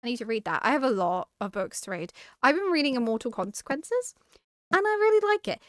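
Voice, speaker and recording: Giggly girl chatting on her stream, high bright voice, dead dry mic. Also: very animated, a little fast, no echo. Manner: giggly, chatty, reads and greets the chat. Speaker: streamer hosting a book club. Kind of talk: casual live-stream chat.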